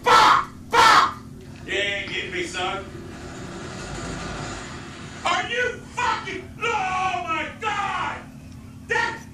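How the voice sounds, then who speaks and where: A man's voice: extremely high pitch, huge pitch swings, very slow, pauses often, over a noisy crowd. A man screaming and cursing furiously at a video game as he plays, in a clip played back from a recording. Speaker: gamer in a rage clip. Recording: echoey, distant, loud noisy capture.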